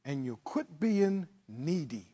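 Male pastor, high and expressive voice, call-and-response preaching, muffled recording. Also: slow, slightly rough. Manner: preaching with call-and-response, swinging from shouts to hushed tones. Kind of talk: sermon.

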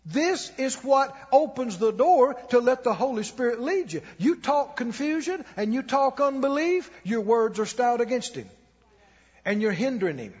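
High, husky-voiced preacher in a reverberant church. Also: male voice, animated, normal speed, darkish tone, muffled recording. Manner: emphatic, calls the congregation to repeat after him. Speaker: pastor. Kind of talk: sermon. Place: church sanctuary.

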